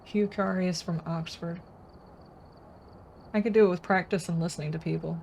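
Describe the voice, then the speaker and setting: A woman's voice: lowish voice, steady tone, normal speed, vocal fry, a little mellow, slight background noise. A woman streaming a game, chatting casually and rambling as she answers her viewers' comments. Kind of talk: casual live-stream chat.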